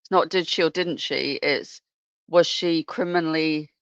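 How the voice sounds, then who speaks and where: A co-host in casual chat, explaining calmly and sometimes searching for words. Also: medium pitch, unhurried, smooth, dry recording. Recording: dull, dry sound.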